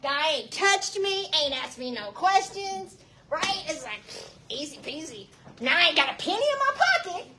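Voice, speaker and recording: Lively Southern woman in her fifties. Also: high-pitched, moderate pace, noisy background. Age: 50s. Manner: lively, laughs often, talks straight to the crowd. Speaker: guest speaker giving a testimony. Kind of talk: storytelling testimony to a church crowd.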